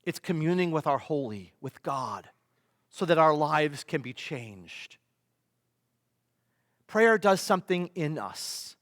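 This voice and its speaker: A man, a pastor, preaching a sermon with emphatic delivery, rhetorical questions and swings between loud and soft. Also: fairly high pitch, very animated, slow pace, pauses often. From United States. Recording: long reverb of a large hall.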